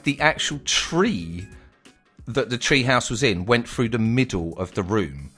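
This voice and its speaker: A man telling a casual, slangy story from his travels on his vlog. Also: fairly low pitch. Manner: animated, slangy, swearing storyteller.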